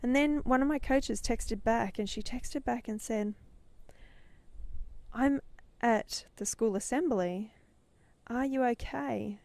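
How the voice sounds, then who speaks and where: Woman podcast host, kinda high voice, dry close mic, tells her story dramatic and intense. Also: slow, creaky, a little mellow, no echo. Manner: intense, dramatic retelling, voice swelling. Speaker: podcast host and business mentor. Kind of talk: emotional personal storytelling.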